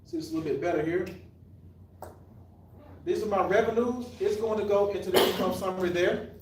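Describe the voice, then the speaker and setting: A distant mic in an echoey room picks up a man teaching accounting live, with some background noise too. His high voice stays fairly even in intonation and moves a little fast as he asks the class questions, answers them on his own, and keeps restarting sentences.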